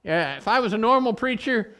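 A man's voice: high voice, very animated, fairly quick, fairly bright tone. A middle-aged man, preaching a sermon in a conversational way, explaining words with everyday stories. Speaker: pastor.

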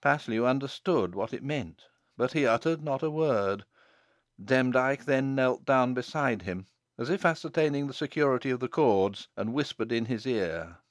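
A man narrating a classic novel audiobook in a measured, dramatic storytelling manner, close to the mic. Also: mid-range voice, lively intonation, no echo. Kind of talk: scripted narration.

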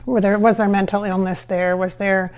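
A woman's voice: mid-range voice, little pitch movement, moderate pace, darkish tone. A woman chatting casually in a vlog while she cooks at home. She rambles, with many fillers and restarts. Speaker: psychic medium vlogger. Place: home kitchen with hardwood floors.

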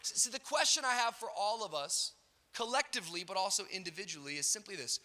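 A middle-aged man preaching a sermon, telling a funny story in a storyteller's way and building up to shouted peaks. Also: high-pitched, animated, fast talker, a crowd in the background. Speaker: pastor. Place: large church auditorium. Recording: hall reverb.

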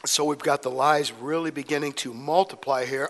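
A man's voice: on the high side, moderate pace, few pauses, a bit bright. Pastor man teaching in a reverberant hall. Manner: conversational, joking asides between scripture readings. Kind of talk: verse-by-verse Bible teaching. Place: church sanctuary.

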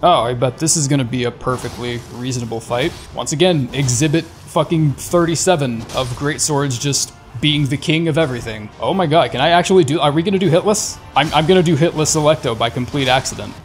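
A man's voice: fairly high pitch, brisk, hardly any pauses, faint music behind. A young man giving casual, profane commentary over a game, talking back at enemies with sarcasm and stammered restarts. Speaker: gaming YouTuber.

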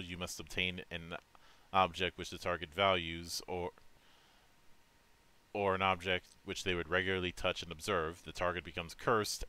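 A man reading tabletop game rules aloud on a stream, halting and restarting as he goes. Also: deep voice, bright, forceful tone, clean tone. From United States. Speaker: vtuber game master.

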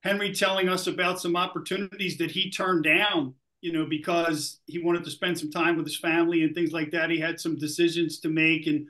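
High-voiced male talk show host. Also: flat delivery, a little fast, hardly any pauses. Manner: warm, rambling praise. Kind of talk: interview hosting.

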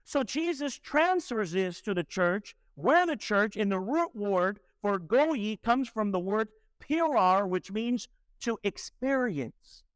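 A man's voice: high voice, lively intonation, slow pace, fairly bright tone, clean tone, no echo, studio quality. A man delivering a sermon as pastor, preaching emphatically and asking the congregation rhetorical questions.

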